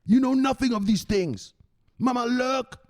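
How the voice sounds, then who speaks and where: A man doing an excited basement son. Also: measured pace. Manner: high, excited, exclaiming. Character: excited European son in his mother's basement.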